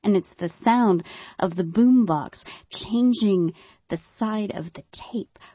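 A woman telling a personal story in a monologue, with wry, dry humor and dramatic hushed drops. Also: medium pitch, slow pace, husky, dry recording, muffled recording.

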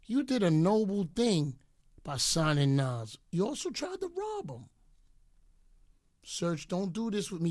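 A middle-aged man, working as a radio DJ, launches into a boastful, taunting rant at his rivals, mockingly pleading with them to leave him alone. His voice sits high and a little mellow, recorded with studio quality and no echo.

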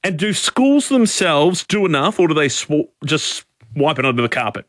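Forceful Australian male talkback host. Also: on the high side, big pitch swings, normal speed, no echo, studio quality. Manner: forceful, emphatic, repeats points. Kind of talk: opinionated talkback radio. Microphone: studio microphone.

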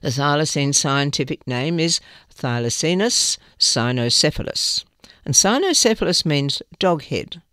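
A man's voice: on the high side, vocal fry, a bit bright, dry recording, studio quality. A man reading newspaper articles aloud, with small slips now and then. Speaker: newspaper reader.

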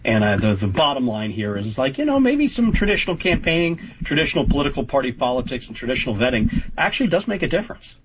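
A man in his fifties, a political reporter, giving measured, analytical answers as a talk show guest, with frequent fillers. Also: medium pitch, sing-song, background noise. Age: 50s.

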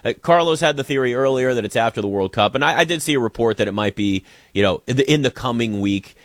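Male sports talk host, lively swinging delivery, dry close sound, opinionated and chatty. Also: medium pitch, fast, no room sound.

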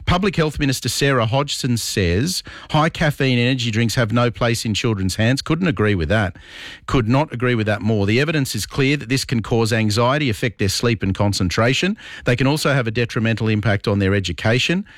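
A man's voice: mid-range voice, brisk, few pauses, dry recording. A man with an Australian accent hosting talkback radio from a studio, blunt and opinionated, firmly correcting listeners. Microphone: broadcast studio mic.

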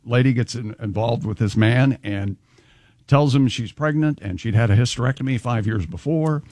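A man's voice: mid-range voice, moderate pace, a little mellow, dry recording, studio quality. A man co-hosting a casual chat, blunt and joking.

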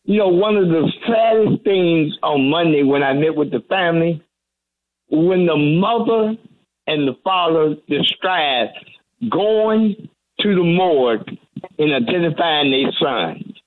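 A reverend with a notably high voice speaks earnestly as a guest on a call-in radio show. His delivery is heavy-hearted and halting, full of restarts. The sound is thin and tinny, coming down a phone line. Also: lively intonation. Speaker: reverend and community advocate.

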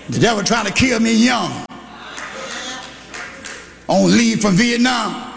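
Older preacher man shouting n singing his sermon, high gravelly voice, big echoey church. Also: takes it slowly, pauses often. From Texas. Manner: storytelling, call-and-response, shouting, singsong. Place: church hall. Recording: live in a reverberant church with congregation.

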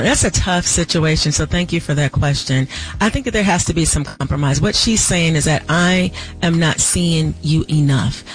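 A woman relationship expert guesting on a call-in radio show, giving callers measured, reassuring advice. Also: low voice, poor audio.

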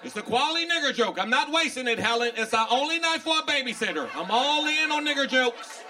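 A man's voice: extremely high pitch, lively intonation, fast, crowd noise, noisy background. A man doing a stand-up set in a comedy club, teasing and provoking the audience.

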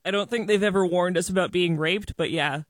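A man's voice: sits high, brisk, dry recording. A male radio co-host giving short, dry replies during on-air banter. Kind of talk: casual talk radio banter.

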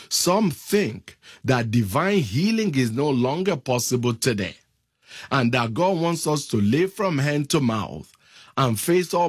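A man preaching a sermon, reading scripture aloud in a slow, deliberate way. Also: medium pitch, dry recording, studio quality.

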